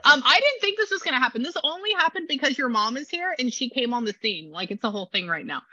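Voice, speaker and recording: A woman leads a casual reading session, talking in a bright, tense, excitable way and circling back on herself. Her voice is crisp in the highs, but the recording sounds dull and completely dry. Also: fast, no echo. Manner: animated, rambling, exclamatory. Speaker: psychic medium.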